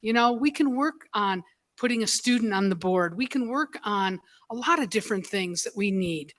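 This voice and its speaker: A school board member, a woman, speaking at a public meeting in an emotional, halting way, choked up and apologizing as she goes. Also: mid-range voice, animated, fairly bright tone.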